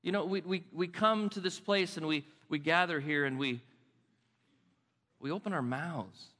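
An older man preaching a sermon as pastor in a church, conversational and full of restarts, dropping soft and slow for emphasis. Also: fairly high pitch, in a large hall. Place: church sanctuary.

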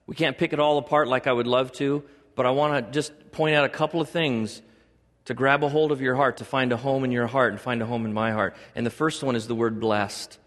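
A middle-aged man preaching a sermon to a congregation as pastor, animated, joking and acting out little dialogues. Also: brisk, long reverb tail. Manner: animated, acts out dialogue with God in a higher voice; jokes and laughs with the congregation.

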